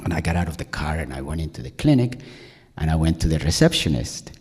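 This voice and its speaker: A man's voice: very deep voice, sing-song, fast talker, a little mellow, breathy edge. A man telling a true personal story at a live storytelling event, rambling and self-mocking, often restarting his sentences. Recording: long reverb of a performance hall.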